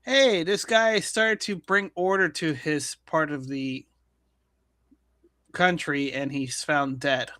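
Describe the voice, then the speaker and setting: Man, high bright voice, casual news-roast host, halting delivery with restarts, dry close sound. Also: dry recording. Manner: halting, frequent restarts and chuckles. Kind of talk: casual comedic news commentary.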